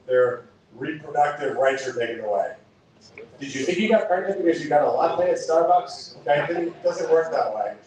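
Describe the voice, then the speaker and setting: A man delivers a fired-up campaign speech, firing off rhetorical questions at the crowd. His voice sits at an ordinary pitch for a man. It is heard from a distance in a very echoey hall, with faint noise behind. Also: a little mellow. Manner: impassioned, punchy rhetorical questions. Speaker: political candidate. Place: event hall. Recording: echoey hall recorded from far off.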